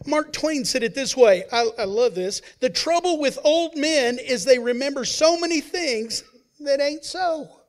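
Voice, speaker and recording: A pastor delivering a sermon has a very high voice with lively intonation and an unhurried pace. He swings from emphatic loudness to hushed asides and acts out the people he quotes.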